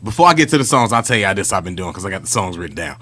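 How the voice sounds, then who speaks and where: A man's voice: low-pitched, very animated, racing, pushed and bright. A man co-hosting a podcast, telling stories in a chatty, slangy, casual way. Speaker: podcast co-host. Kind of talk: casual chat.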